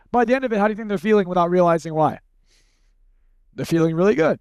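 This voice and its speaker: A man leading a live seminar workshop, talking bluntly and casually, running demonstrations with volunteers and slipping into quick acted snippets. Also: high voice, creaky, darkish tone, smooth, no echo, clean studio sound. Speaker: seminar speaker.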